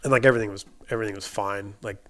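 A man's voice: lowish voice, fairly even intonation, very fast, fairly bright tone. A young adult man, a bike mechanic guest, telling a story in a casual, chatty way, full of "like" and acted-out quotes. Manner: chatty, lots of "like" fillers, acts out quoted dialogue.

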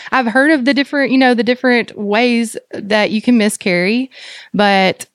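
A woman guest on a podcast interview, speaking earnestly and haltingly with many fillers as she describes her experience as a doula and mother. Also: fairly high pitch, no echo, studio quality. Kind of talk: conversational interview.

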